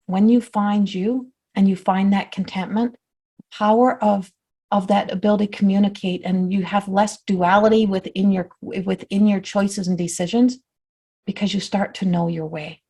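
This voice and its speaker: A woman spiritual teacher giving a flowing talk before a guided meditation, repeating and rephrasing, often dropping to a soft hush. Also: mid-range voice, steady tone, moderate pace, husky. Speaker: spiritual teacher and oracle card reader.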